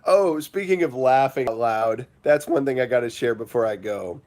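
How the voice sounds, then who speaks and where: A man's voice: medium pitch, expressive, moderate pace, a little mellow. A man hosting a casual morning livestream, rambling with lots of fillers and breaking into laughter. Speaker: livestream host.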